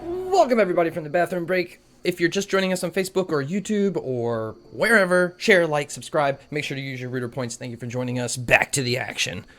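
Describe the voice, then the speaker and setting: A man with a fairly high voice runs a tabletop game. He narrates in a loose, chatty way, scattering filler words through his descriptions of the scene. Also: fast talker, hardly any pauses, a bit bright. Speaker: game master.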